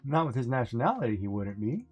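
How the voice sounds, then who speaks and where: A man's voice: mid-range voice, sing-song, fast, darkish tone, breathy edge, faint music behind. Chatty man telling comic stories. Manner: storytelling, acts out voices, laughs often. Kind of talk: casual chat.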